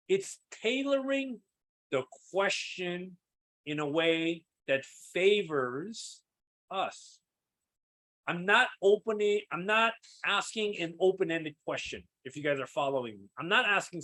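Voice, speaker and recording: Man, fairly high voice, sales trainer, energetic, keeps checking in with the group, acts out sample phone calls. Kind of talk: live coaching session.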